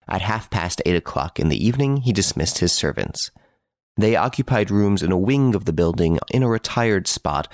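A man narrating a classic story as an audiobook with an expressive storytelling delivery, close to the mic. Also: sits low, no echo.

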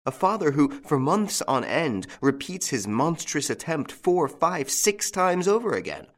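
A man's voice: fairly low pitch, big pitch swings, normal speed, a bit bright, breathy edge, heavily acted. Man voicing a shaken old doctor. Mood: agitated.

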